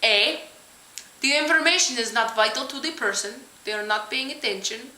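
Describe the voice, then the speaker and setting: A woman's voice: on the high side, normal speed, bright, forceful tone, reverberant, poor audio. A young woman playing an eccentric female psychology professor, lecturing with theatrical, overly formal delivery in a homemade comedy sketch. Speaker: mock lecturer.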